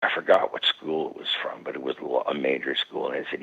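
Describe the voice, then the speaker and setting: A man being interviewed as a guest parapsychologist, telling stories animatedly with sudden jumps in pitch. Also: fast, creaky, hardly any pauses, husky. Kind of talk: recounting stories in a radio interview. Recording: dull lo-fi radio call.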